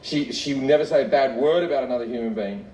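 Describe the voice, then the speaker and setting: A middle-aged man with a warm, medium-pitched voice does stand-up comedy at a fast clip, telling a profane, self-mocking story that draws laughs. The live recording sounds echoey, distant and noisy.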